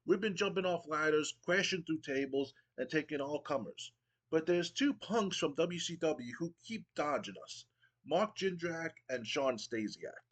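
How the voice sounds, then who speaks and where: A man's voice: a little high, expressive, a little slow, pitched above the performer's own voice. A man doing a brash, boastful young wrestler. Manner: loud, boastful promo delivery. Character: brash, fired-up young male tag team wrestler.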